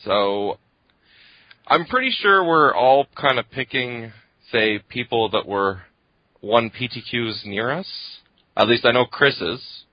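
A man co-hosting a podcast, joking and bantering quickly in casual chat. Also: mid-range voice, animated, no room sound. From Canada. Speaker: podcast co-host. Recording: dull muffled call audio.

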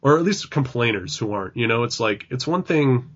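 A man's voice: mid-range voice, expressive, fairly quick, fairly bright tone, husky. A man co-hosting a podcast, talking casually and loosely, full of fillers. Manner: loose, filler-heavy talk with frequent "like". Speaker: podcast co-host. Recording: dull lo-fi sound.

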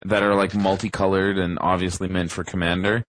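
A man's voice: low voice, little pitch movement, a little fast, fairly bright tone, no echo, low-quality recording. A man co-hosting a podcast in casual chat, ranting and mocking with heavy swearing. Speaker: podcast co-host.

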